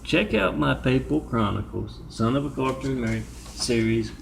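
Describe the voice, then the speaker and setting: A man's voice: medium pitch, moderate pace, gravelly, a little hiss or hum. A man talking in a long, digressive monologue, often stopping to spell out numbers and web addresses letter by letter. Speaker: video maker. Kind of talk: rambling monologue.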